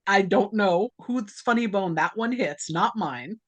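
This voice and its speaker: A woman's voice: mid-range voice, a little slow, no room sound, highs cut off. A woman hosting a podcast, recapping a movie in casual chat and laughing often. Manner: laughs often, animated storytelling. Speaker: podcast host.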